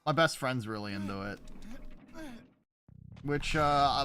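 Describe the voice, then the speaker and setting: A man's voice: lowish voice, unhurried, long pauses, sharp tone, faint music behind. A young adult man giving casual, chatty commentary while streaming a game, swearing often and talking to his chat.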